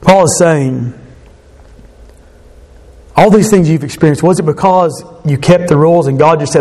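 Man, pastor, sermon, high voice, earnest, emphatic. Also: normal speed, pauses often, a little mellow. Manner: earnest preaching, acting out quoted voices with emphasis.

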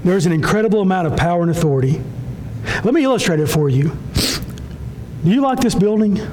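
A pastor preaching a sermon with impassioned, repetitive phrasing that swings between soft low lines and raised high ones. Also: male voice, expressive, fast talker, a little hiss or hum, low-quality recording. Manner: impassioned, repetitive preaching with sudden drops and rises in pitch.

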